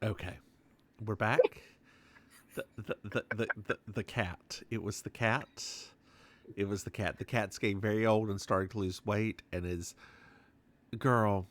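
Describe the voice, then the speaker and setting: A man's voice: on the low side, fairly even intonation, measured pace, pauses often, fairly bright tone. A man co-hosting a podcast, chatting casually and laughing often while recapping a TV episode. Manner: chatty, laughs often, playful put-on voices. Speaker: podcast co-host.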